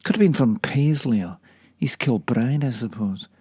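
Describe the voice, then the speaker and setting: A man voicing a rambling old male kale leaf, telling stories in a dry deadpan comic monologue. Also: medium pitch, breathy edge, no room sound. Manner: dry deadpan, drawn-out delivery.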